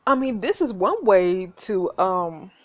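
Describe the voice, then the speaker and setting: A woman hosting a gaming video, reading a story game aloud and reacting in an excitable, giggly, gushing way. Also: mid-range voice, slow pace, lo-fi sound.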